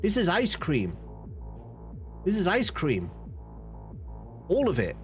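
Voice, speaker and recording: A man from the north of England talks loosely to his stream chat, his pitch bouncing around a lot. He laughs easily and reacts to messages as they come in. Soft music plays quietly underneath. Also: huge pitch swings, slow pace. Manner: chatty, laughs often, reads chat aloud. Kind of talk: casual live-stream chat.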